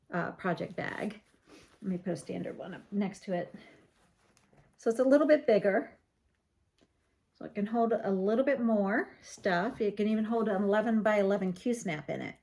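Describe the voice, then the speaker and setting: A woman's voice: medium pitch, a little mellow. A middle-aged woman from Virginia chatting casually as she shows crafts on her vlog, gushing, with frequent ums. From Virginia, USA. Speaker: craft vlogger. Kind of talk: casual show-and-tell vlog.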